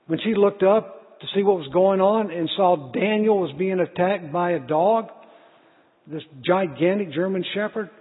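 A man's voice: high-pitched, unhurried, breathy edge. Earnest male preacher, tinny hall sound. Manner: earnest storytelling with restarts. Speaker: pastor. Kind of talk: sermon.

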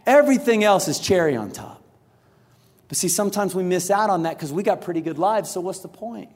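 A man in his thirties preaching a sermon, telling a story with lively animation and acting out the quotes. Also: high voice, brisk. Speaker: pastor. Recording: large hall with long reverb.

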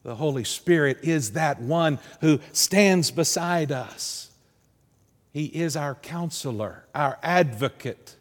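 A man preaching a sermon as pastor, earnest, slowing and softening his voice to stress key words. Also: fairly high pitch, expressive, big-room sound. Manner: earnest, slows and softens for emphasis.

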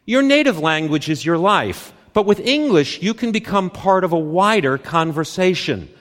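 A man giving a live conference talk on stage, speaking in short dramatic phrases with deliberate pauses. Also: high voice, expressive, fairly bright tone. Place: stage in a large hall. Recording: long hall reverb from a live stage.

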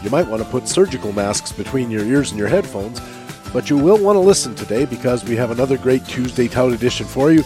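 A man's voice: medium pitch, lively intonation, quick pace, over music. Stuffy-nosed male radio host. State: stuffy nasal voice from a cold. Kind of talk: radio talk show hosting.

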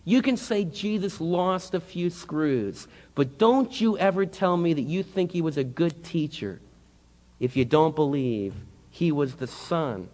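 A male pastor preaching a sermon in a church with impassioned delivery that swings between quiet and loud. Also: high voice. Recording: long hall reverb.

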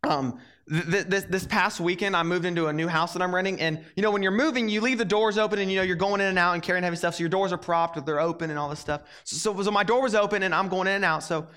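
An energetic young man gives a youth sermon to a room of kids. His voice sits high, and he stumbles over the first words of his sentences, repeating them before pushing on. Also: fast, clear, resonant tone. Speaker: youth pastor.

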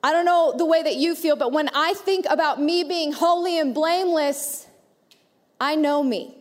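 A woman's voice: high voice, normal speed. A woman in her thirties preaching a sermon in a church auditorium, playful and joking with the congregation. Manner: playful, joking, animated asides. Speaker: pastor. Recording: reverberant church hall.

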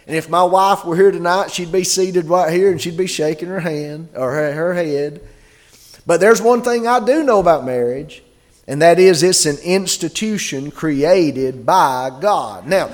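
Man, preacher, fairly high voice, chatty sermon, slow scripture reading. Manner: conversational preaching, reading scripture aloud slowly. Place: church gathering.

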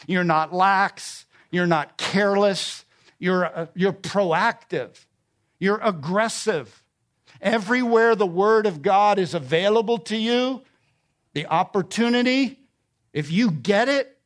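A middle-aged man preaching a sermon, emphatic and repeating key phrases. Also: high voice. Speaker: pastor.

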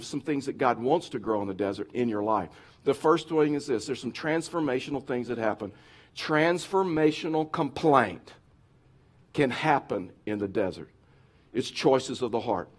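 Animated man preaching a sermon. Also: a little high. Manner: animated, acts out whiny complaining voices. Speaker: pastor.

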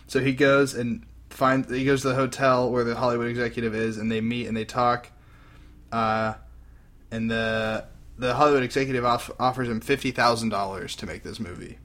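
A young man casually retelling a comic book story on a podcast, animated and slipping into character voices. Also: medium pitch, normal speed. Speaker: podcast host recapping a comic. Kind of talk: casual chat.

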